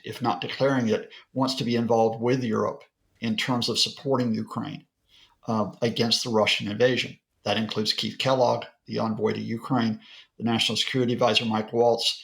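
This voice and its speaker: Gravelly-voiced male professor explaining. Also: mid-range voice, a bit bright. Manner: explanatory, lecture-like, with occasional fillers. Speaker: professor, guest analyst. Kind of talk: broadcast interview.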